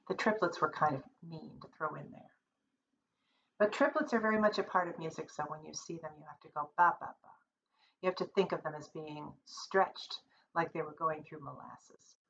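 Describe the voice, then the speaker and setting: A woman's voice: deep voice, fairly bright tone. Lo-fi woman counting music rhythms. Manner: counts beats and sings rhythms aloud; self-correcting, plain-spoken. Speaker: music teacher. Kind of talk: recorded music lesson. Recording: dull lo-fi recording, faint hiss.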